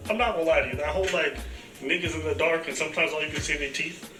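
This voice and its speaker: A man in a casual discussion, talking in an animated, argumentative way. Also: a little high, racing, far from the mic. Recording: echoey room, off-mic, faint music.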